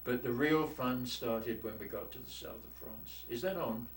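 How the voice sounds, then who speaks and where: A man's voice: medium pitch, moderate pace, recorded from a distance. An old man with a London accent tells war stories bluntly, with a salty turn of phrase. He sits some way from the mic in an echoey room, with a faint hiss underneath. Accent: London English. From London, England. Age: 80s. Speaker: war veteran interviewee. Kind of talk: oral history storytelling.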